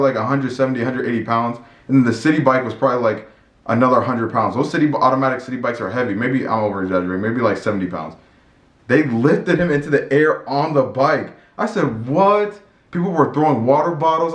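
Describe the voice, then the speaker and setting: Male vlogger, middle pitch, loose and rambling delivery, roomy echo on the track. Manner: excitable and rambling, with many restarts and repeated words. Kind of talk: casual storytelling to camera. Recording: echoey room with faint music.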